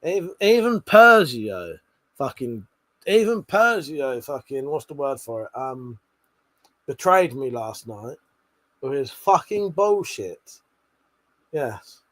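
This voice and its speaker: A man's voice: mid-range voice, sing-song, slow, a bit bright. A man hosting a late-night livestream, chatting with viewers while he swears a lot, laughs often and bickers. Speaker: livestream host.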